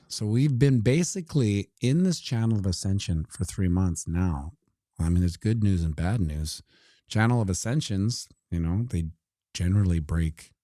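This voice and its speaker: A man's voice: low-pitched, dark tone, no echo, clean studio sound. A man giving casual, joking commentary on crypto charts while looking things up on his computer. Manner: joking asides, talks while scrolling.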